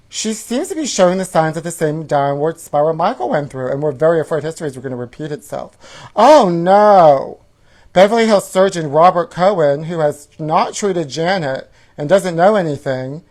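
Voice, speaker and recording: A slightly high, darkish male voice delivers a campy comedic reading of tabloid headlines on his comedy show. He's catty and sassy, calling his listener honey between mock-outraged gasps.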